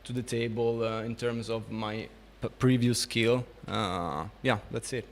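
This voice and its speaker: A man who co-founded a game studio, answering interview questions in a thoughtful, halting way. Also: medium pitch, steady tone. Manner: thoughtful, halting, frequent restarts. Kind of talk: casual interview.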